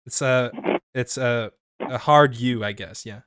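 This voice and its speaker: A man co-hosting a casual podcast, halting and hesitant, swearing freely. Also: mid-range voice, fairly bright tone, clean tone. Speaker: podcast co-host.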